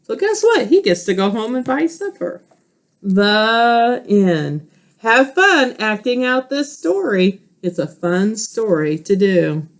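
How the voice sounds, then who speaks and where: A woman teacher reading a picture book aloud to children, expressive and asking listeners questions. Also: a little high, takes it slowly.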